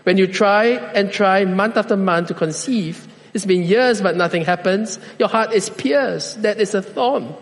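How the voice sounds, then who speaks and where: A man preaching a sermon as pastor, speaking slowly and deliberately with measured pauses. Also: high-pitched, in a large hall.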